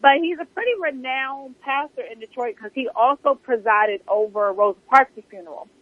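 A woman with a fairly high voice chats casually, explaining at a measured pace and repeating her points for emphasis. The sound is dry and tinny, like a phone line, with no room around it. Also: slightly rough, no room sound. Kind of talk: casual podcast chat.

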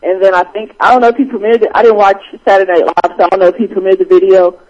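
High husky guy hosting a chill podcast, animated, muffled lo-fi sound. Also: rapid-fire. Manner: animated, laughs often while retelling jokes. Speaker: podcast host. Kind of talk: casual chat. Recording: dull lo-fi recording.

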